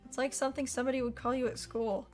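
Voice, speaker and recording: An eager, talkative schoolgirl, bubbly and imaginative, her voice sitting on the higher side, as a woman reads her aloud. The storybook reading carries light music in the background. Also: level tone, rapid-fire, a little mellow, close to an everyday voice. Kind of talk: audiobook character voice.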